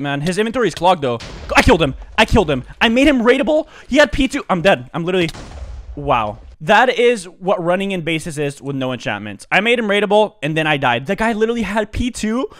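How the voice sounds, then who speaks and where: A man giving live commentary on his own gameplay, excitable and slangy, jumping from low muttering to loud outbursts. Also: quick pace. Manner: slangy, says dude and bro a lot. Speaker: gaming commentator.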